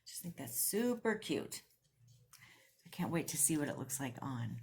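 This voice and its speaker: A woman with a notably low voice talks through a thrift haul and try-on as a vlogger. She is chatty and enthusiastic and laughs often. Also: sing-song, normal speed, a little mellow.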